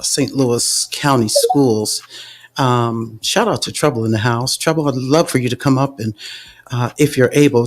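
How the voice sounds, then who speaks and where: A man hosting a casual live audio chat, talking in a loose, chatty way with many fillers and restarts. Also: mid-range voice. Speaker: host of a live audio space.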